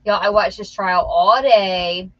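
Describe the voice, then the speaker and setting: A woman's voice: medium pitch, slow pace, muffled recording, a little hiss or hum. A woman co-hosting a reseller channel, chatting and joking casually while working.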